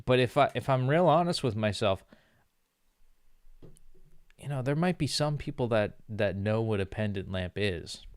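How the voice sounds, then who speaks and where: A man's voice: fairly low pitch, expressive, moderate pace, long pauses, clean tone, no echo. A young man ranting casually on a livestream, profane and sarcastic, and he mimics snobbish voices as he goes. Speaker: streamer.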